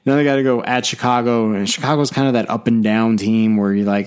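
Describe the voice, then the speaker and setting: Male podcast host, casual sports chat, quick, rambling, self-deprecating. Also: fairly low pitch, fairly even intonation, clean tone.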